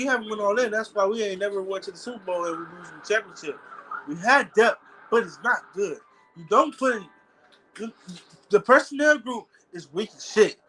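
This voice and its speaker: On a low-quality recording, a man with a high, pushed, bright voice angrily rants as a football fan on his video channel. He swears and stumbles over his words in this heated vlog.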